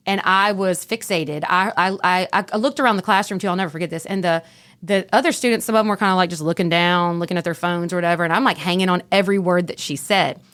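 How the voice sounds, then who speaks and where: A woman's voice: lowish voice, a bit bright. Chatty, laughing woman telling stories. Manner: chatty, self-deprecating, laughs often. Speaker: podcast guest, former prison officer. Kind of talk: casual storytelling.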